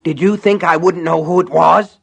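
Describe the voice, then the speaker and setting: A man's voice: fairly even intonation, moderate pace, creaky, husky, full character voice. A man reading an audiobook, voicing a furious, heavyset middle-aged male town official who screams his accusations. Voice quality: shrill screaming. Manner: shrieks accusations.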